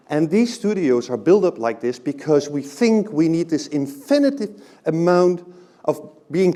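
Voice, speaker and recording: Male speaker giving a live talk, warm mellow tone, very animated delivery, chatty asides to the audience. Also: on the high side. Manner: conversational, often checks in with "right?". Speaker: presenter.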